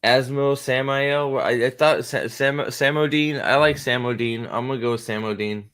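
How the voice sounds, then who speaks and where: A man's voice: mid-range voice, moderate pace, fairly bright tone, smooth. A man hosting a casual reaction commentary, rambling, profane and sarcastic, with frequent restarts. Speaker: host.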